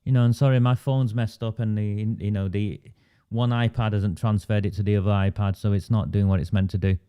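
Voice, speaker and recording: A man's voice: fairly low pitch, steady tone, brisk, warm tone, clean tone. A man hosting a political livestream, emphatic and indignant, stopping to answer viewer comments. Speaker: livestream host.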